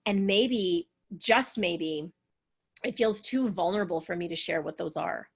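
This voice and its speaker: A woman's voice: on the low side, measured pace, gravelly, husky. A woman relationship coach leading an online coaching session, earnest and encouraging, sometimes acting out the voices of people she describes.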